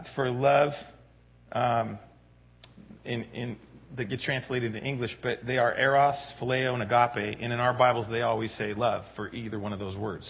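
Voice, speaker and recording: A man's voice: medium pitch, fairly bright tone. Man preaching a casual sermon. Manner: conversational, with fillers and retold dialogue. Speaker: pastor.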